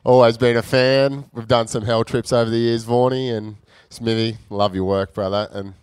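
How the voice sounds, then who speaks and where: Australian male guest, laid-back, smooth clear voice, dry sound. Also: medium pitch, fairly even intonation, moderate pace, a little mellow, dry recording.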